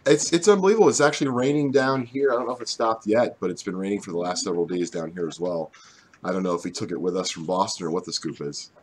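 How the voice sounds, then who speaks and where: A man coming down with a cold, his voice gone deep, chatting casually on a live stream as a co-host. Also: fast talker, slightly rough. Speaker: card break co-host.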